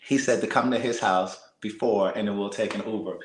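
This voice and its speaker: An American man talking casually to live viewers from a small apartment, speaking softly and half-whispering, laughing and reading out comments. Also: lowish voice, steady tone, brisk, few pauses, roomy sound, rough recording. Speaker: vlogger on a livestream.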